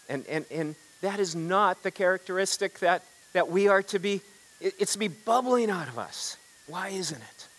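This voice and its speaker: A male pastor with a high-pitched voice preaching in church. He tells stories in a conversational way, stumbles over repeated words, and has the congregation call out responses. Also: fairly bright tone, poor audio. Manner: frequent repeated words and restarts. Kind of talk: sermon.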